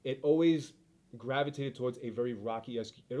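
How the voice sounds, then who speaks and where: A man's voice: medium pitch, brisk, muffled recording, slight background noise. A man with a New York accent, talking casually and with enthusiasm as a podcast co-host discussing a movie. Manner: animated, enthusiastic, repeats himself.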